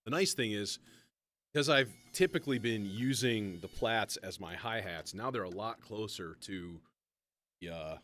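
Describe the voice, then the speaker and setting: This livestream host chats casually and rambles while working on a modular synth, swearing a lot and teasing himself. He has a fairly low, fairly bright voice and takes his time.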